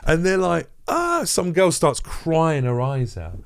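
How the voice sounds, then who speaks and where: A middle-aged comedian tells a wild story casually, swearing freely and acting out the other people's voices. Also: male voice, fairly high pitch, a little slow, gravelly, clean tone. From England. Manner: profane, animated, acts out quoted voices. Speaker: comedian guest.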